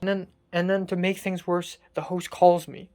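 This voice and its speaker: A young adult vlogger, pouring out an exasperated, sarcastic rant full of swearing. The voice sits at an ordinary middle pitch and sounds distressed and worn down. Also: level tone, moderate pace, a little mellow. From Hong Kong. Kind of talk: casual confessional vlog rant.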